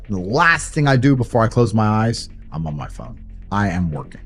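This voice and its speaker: A man's voice: lowish voice, very animated, moderate pace, a bit bright, faint music behind. A man giving a blunt motivational talk in short, repetitive, declarative statements. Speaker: motivational speaker.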